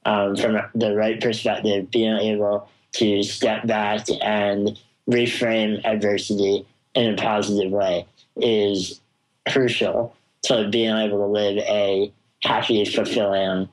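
Slow-spoken young man telling a story. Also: lowish voice, flat delivery, poor audio. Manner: slow, thoughtful, with frequent ums. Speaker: interview guest. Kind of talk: conversational storytelling.

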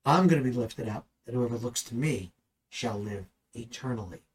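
A man's voice: medium pitch, animated, moderate pace, husky, poor audio. A man teaching the Bible in a conversational way, earnest and at times emphatic. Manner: earnest, rising to emphatic bursts.

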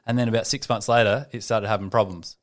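A man's voice: on the low side, steady tone, quick pace. An Australian man in casual podcast chat, teasing and making crude jokes.

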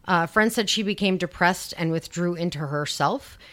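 Speaking at a normal speed in a lowish, slightly bright voice, a female podcast host tells a true-crime story casually. She keeps it chatty and throws in sarcastic asides laced with swearing.

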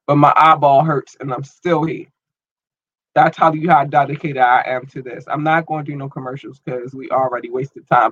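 A man hosting a podcast and online radio show, rambling casually and slangily through listener shout-outs while his eye is irritated and tearing up. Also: on the high side, highs cut off. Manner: loose, rambling, slangy, repeats himself.

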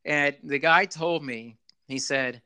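A man, a former club general manager, chatting casually and telling an animated story, with lots of "you know". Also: a little high, slow, smooth, no echo.

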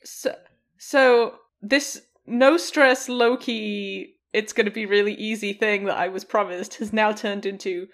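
A woman's voice: mid-range voice, measured pace. A woman who works as a teacher, chatting casually on a podcast and telling stories with a lot of swearing and acted-out dialogue. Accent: non-local accent. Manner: sweary, animated storyteller acting out dialogue. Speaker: podcast co-host; school teacher. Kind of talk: casual chat.

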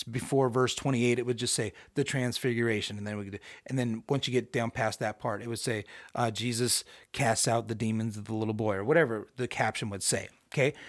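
A man hosting a podcast, giving a casual, animated Bible study with emphatic, self-deprecating asides. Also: mid-range voice, no echo, clean studio sound. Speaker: podcast host.

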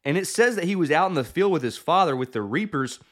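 A male preacher narrates a Bible story with lively, swinging pitch. He breaks into light chuckling asides as he goes. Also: fast talker. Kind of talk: sermon storytelling.

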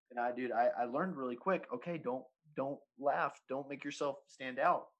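A man's voice: mid-range voice, normal speed, hardly any pauses, a bit bright, rough recording. Profane rambling man saying dude a lot. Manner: profane, rambling, laughs often, says "dude" constantly. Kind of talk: casual chat.

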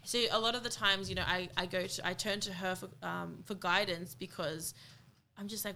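A woman's voice: on the low side, steady tone, moderate pace, vocal fry, pushed and bright, slight background noise. A woman co-hosting a podcast, talking earnestly and from the heart in a candid conversation. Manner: earnest, heartfelt, retells friend's words. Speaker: podcast co-host.

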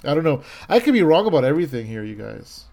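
A man in his thirties talks in a loose, rambling way, piling up fillers and restarts. His voice is mellow and dark in tone, and his enthusiasm comes through as he chats casually. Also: on the high side, very animated, quick pace, vocal fry. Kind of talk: casual chat.

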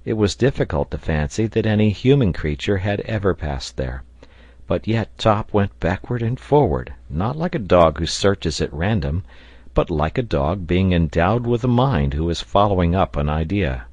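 Male audiobook narrator, steady reading, low voice, dry close recording. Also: moderate pace, no room sound. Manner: steady, even-paced reading.

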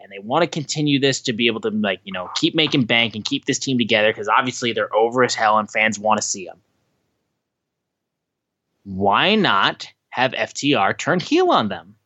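Bright, animated man co-hosting a podcast. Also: medium pitch, normal speed, dry recording, lo-fi sound. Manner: animated, swearing, acts out quotes. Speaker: podcast co-host. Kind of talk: casual chat recapping wrestling shows.

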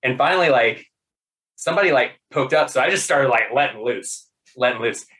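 A man in casual conversation, telling funny work stories in an animated way, laughing often, with many fillers and restarts. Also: medium pitch, a little fast, low-quality recording. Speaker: podcast guest. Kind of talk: casual storytelling.

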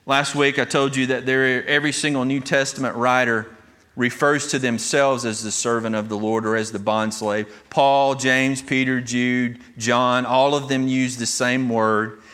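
A man's voice: mid-range voice, steady tone, a little slow, a bit bright. A pastor preaching an earnest, emphatic sermon, restarting phrases as he goes.

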